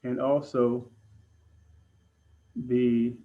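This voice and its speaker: Male breathwork instructor, measured guiding delivery, mid-range voice, muffled stream sound. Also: medium pitch. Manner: calm, deliberate instruction with pauses. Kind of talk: guided breathing lesson.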